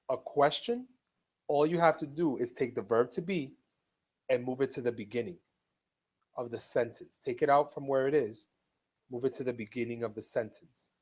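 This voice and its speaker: A man of middle pitch teaches an online English class. He speaks slowly and patiently, going over each rule more than once. He reads example sentences aloud with careful stress. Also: darkish tone, breathy edge. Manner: slow, patient, repeats each point. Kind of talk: live online ESL lesson.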